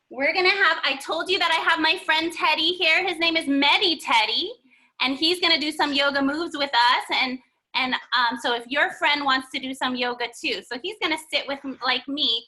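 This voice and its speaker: Recorded through a computer mic, a young woman teaches children story-time yoga with sing-song encouragement. Her high voice comes across pushed and bright.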